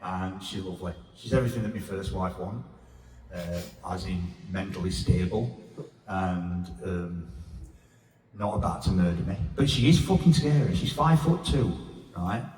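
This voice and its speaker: A man's voice: low-pitched, normal speed, a little mellow. A middle-aged man doing a crude, swearing stand-up set on a handheld mic in a pub comedy room. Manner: crude, blunt storytelling with swearing. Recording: echoey pub room from far off.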